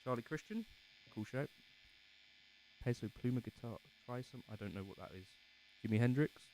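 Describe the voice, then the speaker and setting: A man's voice: mid-range voice, lively intonation, normal speed, warm tone, soft background music. A man hosting a casual livestream from his living room, rambling and self-deprecating as he answers chat comments. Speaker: livestream host.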